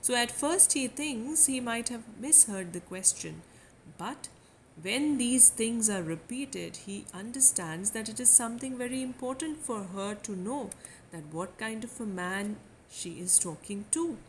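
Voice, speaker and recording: A woman's voice: a little high, lively intonation, unhurried, a little hiss or hum, poor audio. A woman with an Indian English accent, a literature lecturer explaining a poem line by line, reading quoted lines with emphasis before paraphrasing them.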